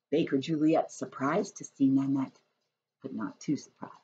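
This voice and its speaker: A woman who teaches preschool reads a picture book and chats gently to young children, recorded at home. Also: a bass voice, normal speed, muffled recording, slight background noise. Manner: gentle, expressive storytelling to small kids.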